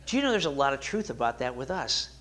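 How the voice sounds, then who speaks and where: A middle-aged man preaching a sermon as a pastor, animated, with self-deprecating asides. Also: medium pitch, quick pace.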